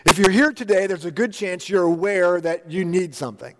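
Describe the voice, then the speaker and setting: A man's voice: sits high, a little fast, long reverb tail, very noisy. A male pastor preaching a sermon, telling a story in an earnest, direct way to his congregation in a church. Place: church sanctuary.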